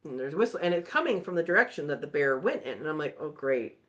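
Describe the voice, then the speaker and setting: A woman hosting a live chat, telling a story in a casual, animated way and acting out the voices. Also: low-pitched, fast, muffled recording. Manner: animated, acts out voices in her stories. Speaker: channel host.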